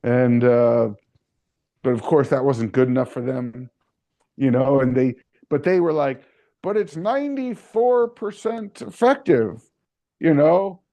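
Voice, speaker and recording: A man's voice: medium pitch, steady tone, measured pace, dark tone, no room sound. A man hosting a podcast in casual chat. He rambles and leans on fillers like "you know" and "like.". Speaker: podcast host.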